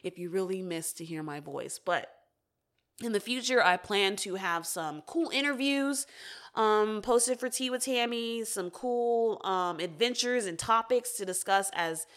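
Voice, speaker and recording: A woman's voice: medium pitch, unhurried, a bit bright. A young woman hosting her own podcast, talking candidly and casually, with frequent swearing. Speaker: podcast host. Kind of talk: casual solo podcast talk.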